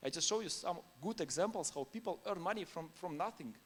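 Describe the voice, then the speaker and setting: A male conference speaker gives a casual, anecdote-filled talk in non-native English, laughing occasionally between points. His voice sits high and is expressive, moving a bit fast with few pauses over slight background noise.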